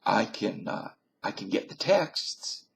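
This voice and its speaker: A man's voice: lowish voice, very animated, takes it slowly, creaky, fairly bright tone. A Canadian-born man with a Southern US accent, talking to the camera in a folksy, meandering, self-mocking ramble. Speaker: vlogger. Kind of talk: rambling casual monologue.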